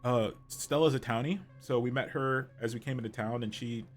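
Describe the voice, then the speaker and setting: Guy streaming a story game, rambly casual chat, mid-pitched voice, faint music behind. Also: fairly even intonation, moderate pace. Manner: chatty, rambling with fillers.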